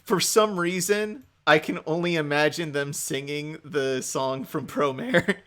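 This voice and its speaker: Bright, smooth-voiced man playing a tabletop game. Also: on the high side, measured pace. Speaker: player. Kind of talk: casual tabletop play.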